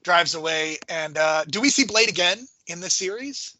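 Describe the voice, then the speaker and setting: A man co-hosting a podcast, giving measured, analytical opinions in casual chat. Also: sits high, lively intonation, bright, forceful tone, poor audio. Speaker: podcast co-host.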